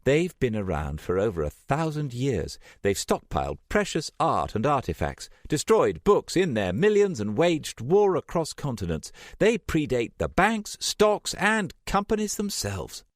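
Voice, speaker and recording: A man's voice: mid-range voice, wildly swooping pitch, measured pace, hardly any pauses, no echo, clean studio sound, pitched above the performer's own voice. A man voicing an earnest, driven woman archaeologist. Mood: intense.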